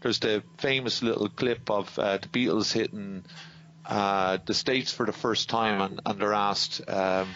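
A man's voice: on the low side, steady tone, a little slow, a bit bright. An Irish man telling stories as a podcast guest in casual chat, rambling and restarting his words often. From Ireland. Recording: dull dry podcast sound.

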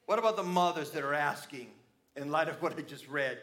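Guy preaching in church, bright kinda high voice, gets loud then goes quiet. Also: a little fast. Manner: animated preaching, dropping to quiet asides. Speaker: pastor. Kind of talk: sermon.

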